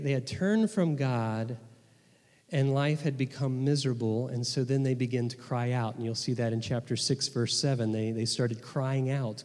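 A man's voice: medium pitch, warm tone. A man preaching a sermon as pastor, earnest, often repeating words as he restarts a phrase. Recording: long reverb of a hall.

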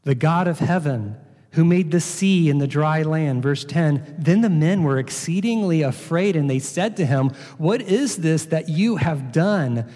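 A man's voice: on the high side, expressive, a little slow, warm tone. Preacher man in an echoing hall. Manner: reads scripture aloud, then explains with rhetorical questions. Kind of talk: sermon. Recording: long hall reverb.

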